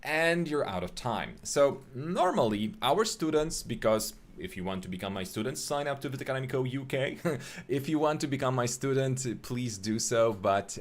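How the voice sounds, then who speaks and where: A young man teaching a live online 3D rendering webinar, talking in a chatty way with many fillers and restarts. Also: on the low side. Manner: chatty, filler-heavy, greets viewers by name.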